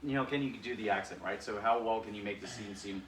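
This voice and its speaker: A man leading drama practice, talking in an animated, rambling way with lots of fillers. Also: on the low side, fast talker, a little hiss or hum. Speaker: drama coach. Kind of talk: casual drama practice talk. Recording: echoey room, distant mic.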